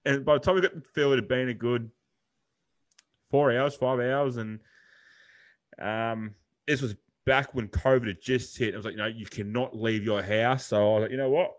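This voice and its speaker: A man's voice: medium pitch, fairly even intonation, moderate pace, long pauses. Blokey Australian man rambling on a podcast. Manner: rambling, blokey, swears casually. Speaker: podcast co-host. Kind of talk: casual chat.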